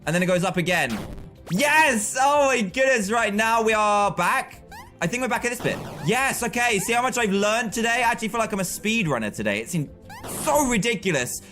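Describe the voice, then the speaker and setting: A man streaming live gameplay with excitable, frustrated commentary, often yelling at the game. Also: high-pitched, fairly quick, soft background music.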